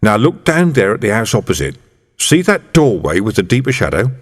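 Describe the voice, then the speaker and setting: A man doing a streetwise middle-aged police sergeant, dry and mock-official, his pitch swinging lively. The voice carries a long, roomy reverb. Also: brisk. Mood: whispered. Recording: reverberant room.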